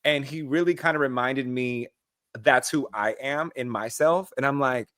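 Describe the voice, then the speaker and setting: A man co-hosting a podcast, chatting casually in an animated way with quick asides. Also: medium pitch, no room sound, clean studio sound. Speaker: podcast co-host. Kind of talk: casual chat.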